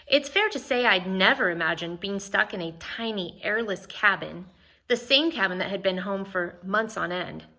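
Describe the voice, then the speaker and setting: A woman teacher reads a novel aloud with an expressive, bright voice. She stops now and then to explain things to her listeners in a casual aside. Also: mid-range voice, moderate pace.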